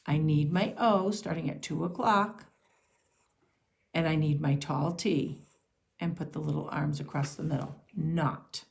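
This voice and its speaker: A woman teaching young children to sound out and write simple words, speaking slowly and clearly. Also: deep voice, steady tone, darkish tone. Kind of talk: early-reader phonics and handwriting lesson.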